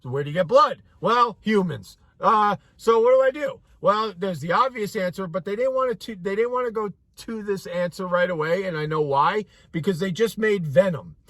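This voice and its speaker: High-pitched guy ranting about a movie, swears a lot, acts out the characters, dry close sound. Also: no room sound. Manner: animated, profane, acts out characters mid-story. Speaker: movie reviewer, co-host. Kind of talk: casual rant-style review chat.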